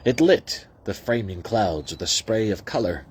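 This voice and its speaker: A man casually reading a novel aloud, who breaks off into excited asides. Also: on the low side, unhurried, slightly rough. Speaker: reader.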